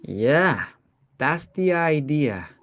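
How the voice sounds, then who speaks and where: A teacher leading a classroom pronunciation lesson, modeling words slowly and checking in with "right?" often. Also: medium pitch, sing-song.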